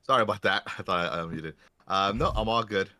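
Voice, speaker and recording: A man playing a tabletop game, quiet and hesitant. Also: fairly low pitch, a little fast, dry recording. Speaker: player. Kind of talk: casual chat.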